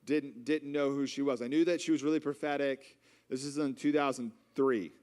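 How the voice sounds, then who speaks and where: A man's voice: medium pitch, steady tone, normal speed, darkish tone. A man in his thirties preaching at a conference, telling a humorous, self-mocking story. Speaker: conference speaker. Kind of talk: storytelling sermon. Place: large church hall. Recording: long reverb of a large hall.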